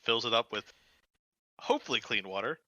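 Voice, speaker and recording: A man's voice: medium pitch, animated, a little fast, pushed and bright, dry recording, muffled recording. A man narrating as game master of a tabletop game, loose and stumbling over his words.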